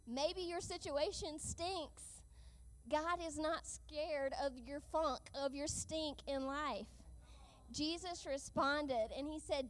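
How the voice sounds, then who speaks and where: A woman preaching a sermon with an earnest, measured delivery, slowing down for emphatic lines. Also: high-pitched.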